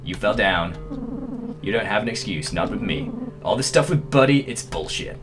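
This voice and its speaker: A man putting on a bitter old friend with a Southern drawl, speaking low and slow with scorn. The voice sits deep and quiet, over a noisy background. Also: big pitch swings. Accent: Southern US (put on).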